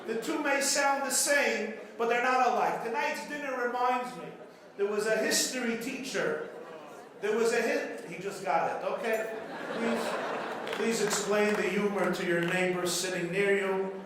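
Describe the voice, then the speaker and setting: A man's voice: sits high, measured pace, a bit bright. A man, a rabbi, giving an after-dinner keynote speech, telling jokes and repeating phrases for dramatic effect. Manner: storytelling with jokes and dramatic repetition. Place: large banquet hall. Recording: very echoey hall with faint room noise.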